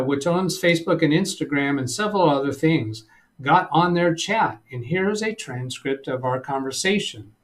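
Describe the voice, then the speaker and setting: A slightly higher-voiced man hosts a live tech-support stream. He talks the viewer through his screen in a loose, chatty way and reads out chat transcripts with dry sarcasm. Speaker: tech support channel host.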